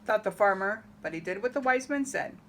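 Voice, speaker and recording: A woman's voice: medium pitch, fairly quick, a little hiss or hum. A woman reading a picture book aloud to children, acting out the story and asking them questions. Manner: animated, asks listeners questions, acts out the story. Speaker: storybook reader.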